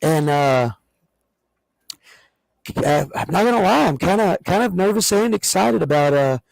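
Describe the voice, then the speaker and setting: A man co-hosting a casual podcast chat, telling stories in an excitable, rambling way with many restarts. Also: high voice, measured pace, creaky, no echo, low-quality recording. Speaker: co-host.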